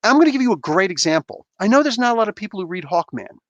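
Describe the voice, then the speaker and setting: Emphatic, animated man ranting about comics. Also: sits high, racing, no room sound, muffled recording. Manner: emphatic, rambling, fan banter. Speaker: comic book reviewer, livestream host. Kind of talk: casual livestream rant.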